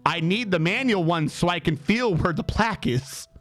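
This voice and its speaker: Grumpy dental hygienist lady, blunt and scolding, pitched down low, as a guy quotes her. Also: animated, normal speed, a bit bright, faint music behind. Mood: curt, scolding. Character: curt, grumpy female dental hygienist, middle-aged.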